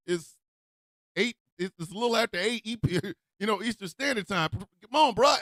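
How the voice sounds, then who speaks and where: Excitable, shouting male comedy host. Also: high-pitched, normal speed, dry recording, studio quality. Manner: excitable, swearing, shouts often. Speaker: radio show host. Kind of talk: comedic radio rant.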